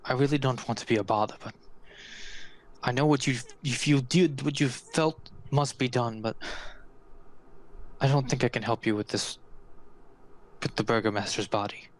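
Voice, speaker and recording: A man's voice: mid-range voice, moderate pace, long pauses, close to an everyday voice, poor audio. A man voicing an older village priest who is grieving, hesitant and apologetic, stopping and restarting as he talks. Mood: weary.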